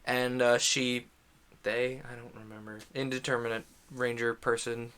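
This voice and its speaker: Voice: mid-range voice, flat delivery, normal speed, a bit bright, clear, resonant tone. A game master narrating a tabletop game in a rambling, playful way with many fillers. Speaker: dungeon master.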